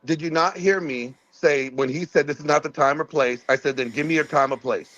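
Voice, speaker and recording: A man's voice: on the high side, brisk, a bit bright, no echo, low-quality recording. A man in an argument, insistently pressing the moderator to back him up. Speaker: debate participant.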